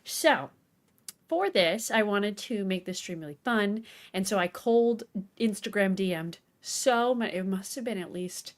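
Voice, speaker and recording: A woman's voice: mid-range voice, lively intonation, a little slow. Bubbly, giggly woman co-host. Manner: bubbly, giggly, rambling storyteller. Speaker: podcast co-host. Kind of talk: casual chat.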